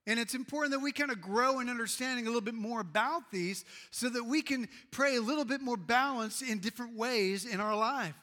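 A middle-aged male pastor preaching a sermon in a church, swinging from loud emphasis to hushed tones. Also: extremely high pitch, fairly quick, hardly any pauses. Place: church sanctuary. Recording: reverberant hall.

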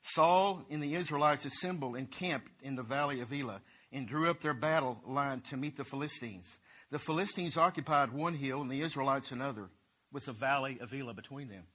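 A man's voice: mid-range voice, a little fast, fairly bright tone. A man teaching a Bible lesson, retelling scripture in loose everyday talk.

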